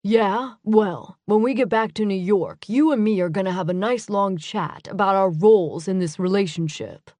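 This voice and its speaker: A woman's voice: mid-range voice, normal speed, few pauses, dark tone, no room sound, natural voice. A woman voicing a bossy, chummy male mischief demon in an audiobook, scolding his friend. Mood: teasing. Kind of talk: audiobook character voice.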